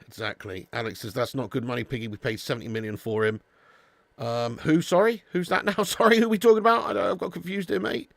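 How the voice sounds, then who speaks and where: A man's voice: medium pitch, fast talker, vocal fry, a bit bright, dry recording. A man hosting a live football watch-along, chatting casually with viewers and calling them mate and lad. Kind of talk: casual live-stream chat.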